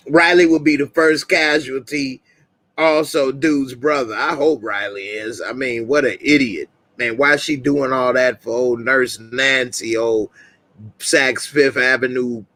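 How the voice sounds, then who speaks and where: A man's voice: mid-range voice, steady tone, a little slow, a bit bright, no echo. Laid-back, slangy male streamer. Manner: laid-back, slangy, reads comments aloud. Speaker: host. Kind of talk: casual live stream chat.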